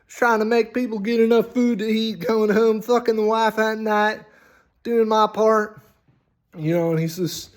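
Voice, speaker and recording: A man hosting a casual, rambling talk on tabletop role-playing, animated and full of swearing. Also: high voice. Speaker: host.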